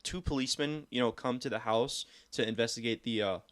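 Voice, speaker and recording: A young man on a casual podcast, rambling through a story at an ordinary middle pitch. He gets animated and swears freely as he goes. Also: a little fast. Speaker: podcast co-host. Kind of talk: casual chat.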